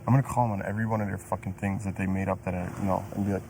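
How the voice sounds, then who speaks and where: A man's voice: low-pitched, level tone, racing, vocal fry, few pauses, darkish tone, slight background noise, rough recording. A young man, a reality show contestant, venting bluntly and swearing often. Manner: blunt and profane. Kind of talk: casual venting. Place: indoor house.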